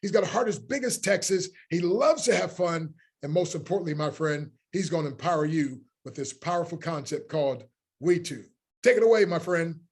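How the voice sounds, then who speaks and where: High husky guy hosting a live call, gushing over everyone who joins. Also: lively intonation, fairly quick. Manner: enthusiastic, effusive greeting of many names. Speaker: host. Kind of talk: livestream welcome and introduction.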